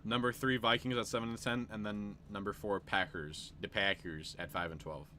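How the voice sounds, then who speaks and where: A young man hosting a casual sports podcast, giving predictions with excitable bursts. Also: fairly low pitch, normal speed. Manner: excitable, loud bursts and laughs. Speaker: podcast host.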